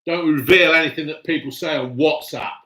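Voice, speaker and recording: A man's voice: a little high, a little fast, bright, forceful tone, poor audio. Blunt, swearing man. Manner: blunt, gruff, cheerfully crude. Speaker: livestream host reading chat. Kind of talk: casual live chat, heavy swearing.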